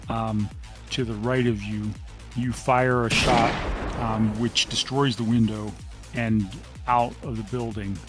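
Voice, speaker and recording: A man running a tabletop role-playing game as game master, describing the action in a steady, measured way with frequent ums. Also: mid-range voice.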